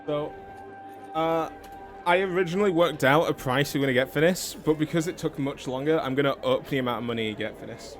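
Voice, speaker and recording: A man's voice: on the high side, fairly quick. Guy dming a tabletop game, laid back, lots of ums, music under it. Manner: relaxed, thinking aloud with many fillers. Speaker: game master. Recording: background music under the talk.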